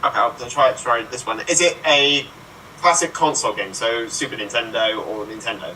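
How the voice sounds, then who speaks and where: Eager bright-voiced contestant man. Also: mid-range voice, steady tone, moderate pace. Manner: eager, frustrated outbursts. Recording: distant mic, faint noise.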